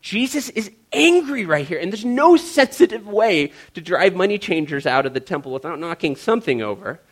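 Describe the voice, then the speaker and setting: A man's voice: high-pitched, very animated, normal speed. A male pastor and parent giving a sermon in a joking, conversational way, often calling his listeners guys.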